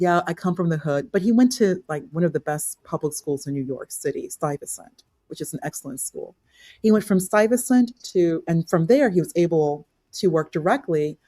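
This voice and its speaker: A woman holds forth on a call-in panel, pressing her points with repeats and restarts. Her voice is warm and mellow, and the sound is dry and close. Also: lowish voice, dry recording. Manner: emphatic, repeats herself, restarts often. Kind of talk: casual panel debate.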